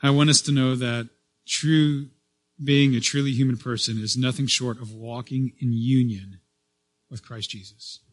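A man preaching a sermon as pastor, stressing key phrases loudly, then dropping to a soft voice, and restarting phrases as he goes. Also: medium pitch, fairly even intonation, unhurried, no echo. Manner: repeats and restarts phrases as he speaks.

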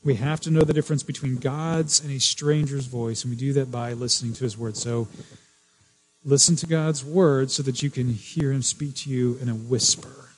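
A man's voice: medium pitch, fairly even intonation, moderate pace, low-quality recording. A man preaching a sermon as pastor, earnest, repeating key phrases and restarting often.

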